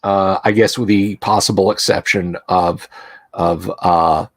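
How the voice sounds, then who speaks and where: A man's voice: sits low, steady tone, slow. A man hosting a livestream as game master, talking in a chatty, loose way with lots of fillers. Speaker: game master and stream host. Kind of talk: live-streamed tabletop game narration.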